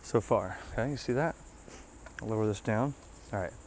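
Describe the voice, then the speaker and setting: A ham radio channel host walks viewers through an antenna setup in a casual, folksy hands-on demo, often checking in with "okay?". His lowish voice moves at normal speed with a darkish tone, and there's a little hiss or hum.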